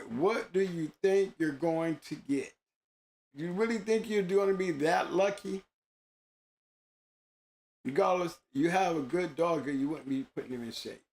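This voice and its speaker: A man's voice: a little high, darkish tone. A man hosting a show, talking casually in an emphatic, slangy way, often repeating himself. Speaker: host. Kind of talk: casual monologue.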